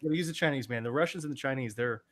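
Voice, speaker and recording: A man's voice: mid-range voice, very fast, fairly bright tone. A man with an ordinary mid-range voice talks with easy enthusiasm about his music work and writing. He keeps it loose and conversational. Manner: enthusiastic, casual, says "man". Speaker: author and composer guest. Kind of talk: casual interview chat.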